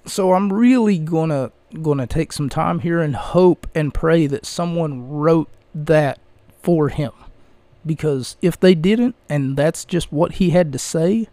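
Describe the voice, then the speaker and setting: A podcast host offers casual solo commentary, rambling and chatty with lots of fillers. His voice is fairly high-pitched, unhurried, and dark in tone. The recording is dry, with the microphone close to him.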